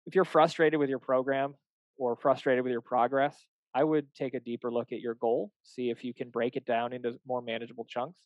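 A man's voice: medium pitch, little pitch movement, a little fast, no echo, lo-fi sound. A young adult man, a fitness coach, chatting casually and animatedly, acting out little dialogues with clients and swearing now and then. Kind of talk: casual podcast chat.

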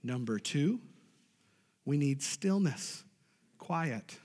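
Man, pastor, sermon, emphatic, high-pitched, long echo of a big hall. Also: expressive, extremely slow, a little mellow. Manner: emphatic preaching, asks the congregation for responses.

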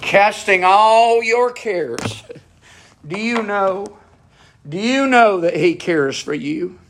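Fervent high-voiced male preacher. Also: lively intonation, slow pace, fairly bright tone, slight background noise. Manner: fervent, repetitive preaching cadence. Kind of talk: sermon.

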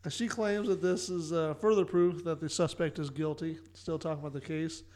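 A man's voice: a little high, fairly even intonation, fairly quick, darkish tone. A man co-hosting a casual podcast, recapping an episode with dry, joking asides. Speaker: podcast co-host.

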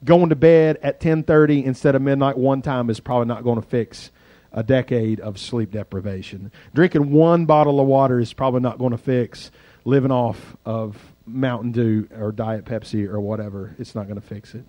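A man's voice: mid-range voice, fairly even intonation, normal speed, dark tone, no echo. A man preaching a sermon on a street corner, chatty and joking, breaking off to pray when sirens pass. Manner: conversational, joking asides. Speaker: pastor.

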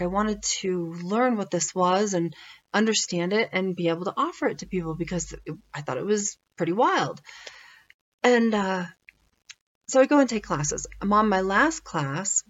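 A woman's voice: medium pitch, animated, moderate pace, lo-fi sound. A woman sharing a personal faith testimony in a casual, rambling way, full of fillers and restarts.

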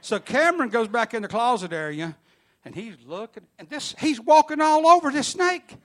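A man telling an animated, funny story to a church congregation. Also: extremely high pitch, moderate pace.

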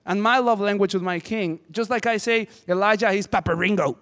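A man's voice: high-pitched, a little fast, fairly bright tone, slight background noise. A man preaching a sermon as pastor, impassioned and conversational. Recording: hall reverb.

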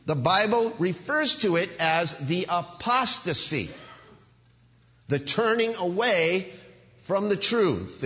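A man's voice: a little high, pushed and bright, long reverb tail. A male pastor preaching an earnest, emphatic sermon with a warning tone.

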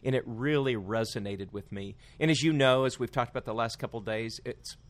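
A man in casual podcast conversation, giving reflective, measured explanations. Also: medium pitch. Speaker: lectureship organizer.

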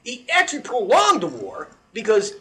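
A man's voice: very high voice, wildly swooping pitch, normal speed, a bit bright. A man hosting a casual podcast chat, ranting animatedly and swearing a lot.

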